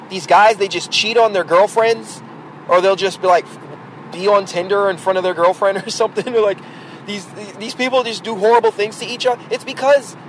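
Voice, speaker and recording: A man's voice: sits high, a little hiss or hum. A man hosting a podcast, delivering a blunt, exasperated rant full of fillers and restarts. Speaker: podcast host. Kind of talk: ranting monologue.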